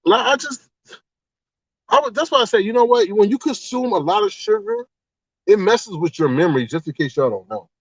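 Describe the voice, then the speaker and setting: A man with a fairly high voice hosts a casual livestream and gossips to his chat about online drama. He acts out the exchanges he quotes in an animated way. The audio is dull and lo-fi, with a dry, close sound. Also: normal speed, husky, no room sound. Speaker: livestream host.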